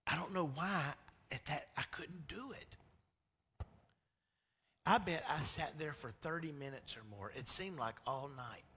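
Pastor, storytelling sermon, bright forceful voice, big reverberant hall. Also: male voice, on the high side, a little slow, pauses often, slightly rough. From Georgia, US. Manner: swings from loud to hushed. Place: church sanctuary.

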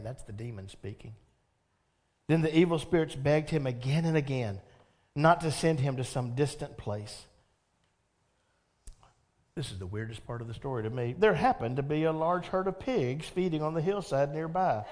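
A pastor preaching a sermon, telling the story with animated energy, asking the congregation questions and laughing along. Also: male voice, medium pitch, normal speed, pauses often.

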